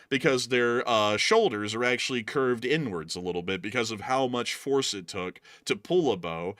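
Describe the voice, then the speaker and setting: Animated man hosting a stream. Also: medium pitch, no echo, studio quality. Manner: animated, laughs loudly, drawls "y'all". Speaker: host. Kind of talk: casual livestream chat.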